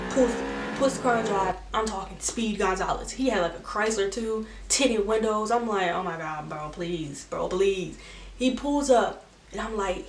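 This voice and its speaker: A young adult woman tells a personal story in a loose, chatty vlog style, leaning on "like" and restarting her sentences. Her voice sits at a middle pitch. She is recorded from a few feet away, in a room that gives it a noticeable echo. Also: far from the mic, slight background noise. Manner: chatty, many "like" fillers and restarts. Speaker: vlogger. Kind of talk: casual storytime. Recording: roomy echo, from the mic.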